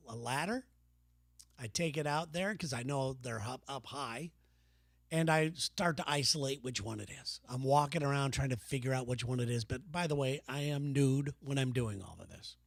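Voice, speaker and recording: A man's voice: medium pitch, gravelly, no room sound, clean studio sound. A man hosting his own comedy podcast, telling a story in a profane, exasperated, self-mocking way. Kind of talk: comic storytelling monologue.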